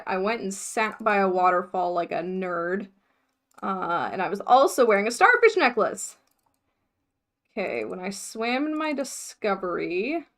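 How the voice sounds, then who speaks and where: A young woman talks casually to a livestream chat, her voice sitting at an ordinary middle pitch. She thinks out loud in a scattered, chatty way, breaking off often to laugh. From United States. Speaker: mermaid vlogger livestreaming.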